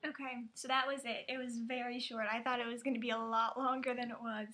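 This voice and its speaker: A woman chatting casually in a reaction vlog, excitable and quick to laugh. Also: fairly high pitch. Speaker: vlogger.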